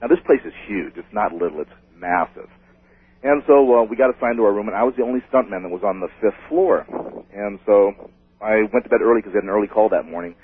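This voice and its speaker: A man calling in to a radio show, telling a ghost story in an excitable, rambling way. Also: fairly low pitch, fast talker, slightly rough. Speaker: caller. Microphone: telephone. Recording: tinny phone line.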